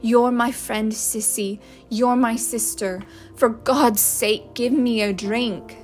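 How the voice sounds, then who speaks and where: A woman's voice: on the high side, steady tone, slow pace, faint music behind. A woman voicing a desperate, drunken young man who begs in a raised, strained voice. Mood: pleading.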